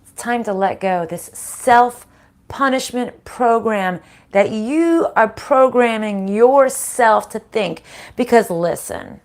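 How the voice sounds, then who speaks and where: A middle-aged woman giving a casual spiritual reading, frank and animated, swearing freely and laughing often. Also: a little high, slow pace. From Italian-American family. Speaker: spiritual reader and channel host.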